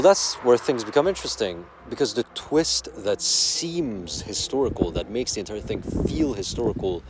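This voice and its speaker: A man's voice: lowish voice, a little mellow, a little hiss or hum. A man from Quebec with a Québécois accent, talking casually and with strong opinions as the host of a music channel, swearing now and then. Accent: Québécois French. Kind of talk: casual explanatory monologue.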